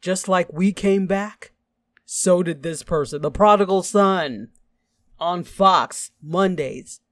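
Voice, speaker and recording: A man's voice: high-pitched, takes it slowly, fairly bright tone, no room sound. Nigerian-accented male co-host, emphatic TV chatter, dry close sound. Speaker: podcast co-host. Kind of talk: casual TV review chat.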